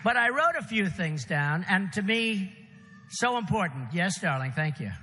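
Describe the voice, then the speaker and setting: A man speaks at a political rally, his voice high and very bright, with a forceful edge. He rambles and repeats himself, throwing punchy asides at the crowd. The sound carries a long arena reverb over faint background ambience. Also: big pitch swings, normal speed, slight background noise. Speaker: political candidate. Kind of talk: campaign rally speech. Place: large rally venue.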